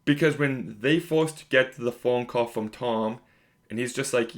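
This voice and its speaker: A man's voice: mid-range voice, fairly even intonation, moderate pace. A young man giving a casual video review of a TV episode, talking emphatically with lots of filler words. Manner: emphatic, conversational, lots of "like" and "you know".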